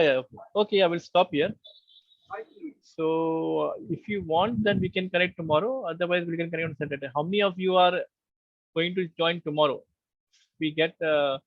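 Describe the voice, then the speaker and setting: Gravelly male instructor. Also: fairly high pitch, steady tone, normal speed, no echo. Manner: patient, explanatory, conversational. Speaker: online course instructor. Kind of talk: live online lecture. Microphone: online meeting call. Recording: muffled online call audio.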